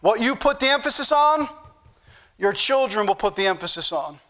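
High bright-voiced preacher man. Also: animated, normal speed. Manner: preachy, repetitive emphasis. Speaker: pastor. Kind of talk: sermon.

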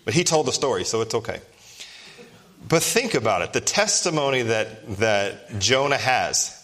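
A man's voice: medium pitch, lively intonation, moderate pace, a bit bright. A man in his thirties preaching a sermon, stressing his points and posing rhetorical questions to the congregation. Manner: emphatic, asks rhetorical questions. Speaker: pastor.

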